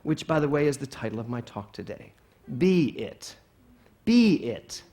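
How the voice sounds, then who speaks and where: A middle-aged man preaching a sermon in a playful, animated way, often asking the congregation questions. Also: medium pitch, measured pace. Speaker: minister. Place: spiritual center with congregation.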